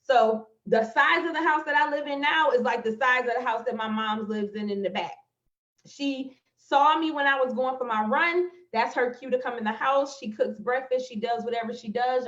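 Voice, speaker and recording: A motivational speaker talks about manifestation on a live stream, her voice a little high and fairly bright as she emotionally tells her viewers a personal story. Captured by a phone or webcam, the sound is echoey and slightly dull.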